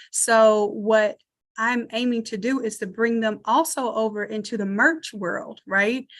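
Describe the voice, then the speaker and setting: A woman leads a live screen-share tutorial in a fairly high voice. She talks casually and thinks out loud, narrating each click as she goes and inviting her viewers to chime in. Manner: chatty, thinks aloud while working. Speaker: online design instructor.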